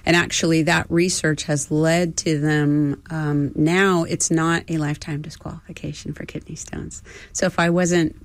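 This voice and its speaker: A woman's voice: deep voice, flat delivery, no room sound. Earnest woman in her fifties. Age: 50s. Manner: earnest, emotional, halting restarts. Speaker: astronaut crew trainer, guest. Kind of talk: reflective interview storytelling.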